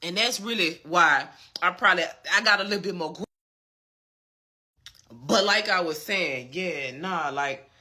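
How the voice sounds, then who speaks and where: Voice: medium pitch, unhurried, pauses often, pushed and bright. A vlogger delivering a fired-up, profane commentary rant and repeatedly checking in with the listener. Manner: emphatic and profane, often asking "you get what I'm saying". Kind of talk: ranting commentary.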